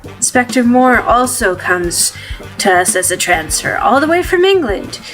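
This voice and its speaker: A woman reading a brisk male police captain. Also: fairly high pitch, sing-song, fairly bright tone, soft background music. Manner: gruff put-on voice she keeps dropping.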